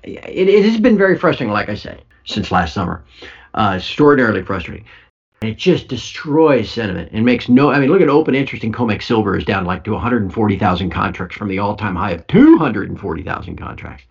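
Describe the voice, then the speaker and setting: Brief: middle-aged male host, wry gloomy humor, animated delivery, dull lo-fi sound. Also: fairly low pitch, quick pace, creaky, slightly rough. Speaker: precious metals site host. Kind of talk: casual podcast chat. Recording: dull lo-fi audio.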